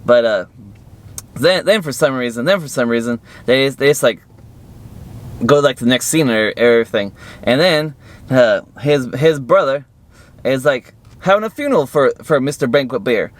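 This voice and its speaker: A man casually recapping a movie to viewers, full of fillers and repeated phrases, jumping suddenly high for emphasis. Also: expressive, moderate pace. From United States. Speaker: movie reviewer.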